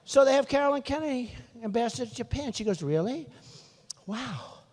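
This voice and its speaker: A man's voice: extremely high pitch, fast, darkish tone. A man in his sixties giving an off-the-cuff campaign rally speech. He rambles and repeats himself, with boastful asides to the crowd. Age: 60s. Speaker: political candidate at a campaign rally. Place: large rally venue with an audience. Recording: long reverb of a big hall.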